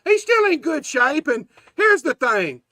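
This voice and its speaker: A man's voice: very high-pitched, very animated, unhurried, pushed and bright, no room sound, studio quality. A man, hosting a casual wrestling podcast chat in a loose, profane, laid-back way. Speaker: podcast host.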